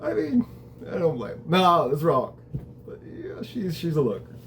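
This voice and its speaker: A man's voice: fairly high pitch, huge pitch swings, moderate pace, slight background noise. A man hosting a show, casually recapping a TV episode in a conversational, reflective way, with the odd swear word.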